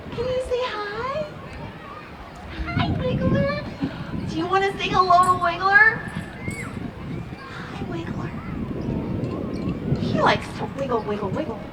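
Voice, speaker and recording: High, animated woman leading kids' storytime. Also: heavy background noise. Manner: animated, sing-song, coaxing children. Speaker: children's entertainer. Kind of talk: sing-along storytime for kids. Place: playground ceremony, outdoors. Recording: roomy, distant, loud ukulele music. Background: ukulele playing.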